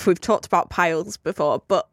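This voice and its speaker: A young woman co-hosting a podcast, telling cheeky stories with lively, expressive delivery. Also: lowish voice, normal speed, no room sound. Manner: cheeky, expressive storyteller, drops to a whisper for punchlines. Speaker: podcast co-host. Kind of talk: casual chat.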